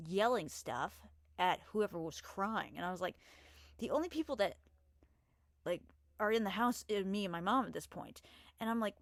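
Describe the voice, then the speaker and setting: A young woman telling a personal story in a casual vlog, halting and hesitant, trailing off mid-sentence and swearing casually. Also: medium pitch, no room sound, clean studio sound. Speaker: vlogger.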